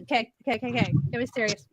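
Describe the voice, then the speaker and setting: A woman from the American South co-hosting a casual podcast, giggling often. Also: sits high. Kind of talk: casual chat.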